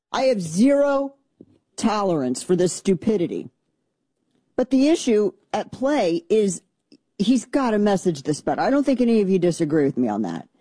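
A woman's voice: mid-range voice, mellow, dry recording. A woman hosting a political talk radio show, talking in a blunt, combative and sarcastic way into a studio microphone.

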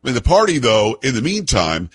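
A man's voice: mid-range voice, huge pitch swings, brisk, fairly bright tone, breathy edge. A man hosting a talk radio show, speaking in a rambling, folksy monologue with frequent restarts.

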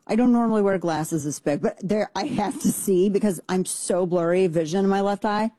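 Here a woman speaks at normal speed in a mellow, medium-pitched voice, with no echo. As a political commentary host in a Texas home studio, she uses a studio mic and headphones for casual opinion talk that is emphatic, meandering, and laced with sarcasm.

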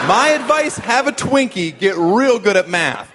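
Mocking male comic, high lively voice, reverberant noisy hall. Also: moderate pace, few pauses. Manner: brash, mocking insult delivery. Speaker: stand-up comedian. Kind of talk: stand-up comedy.

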